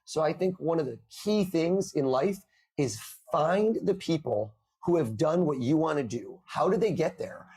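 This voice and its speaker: A man on a podcast interview, telling lively stories and acting out the people he quotes. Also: fairly high pitch, normal speed, breathy edge. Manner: animated storyteller, acts out quoted voices. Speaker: podcast guest, mentalist. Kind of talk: conversational storytelling. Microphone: remote call.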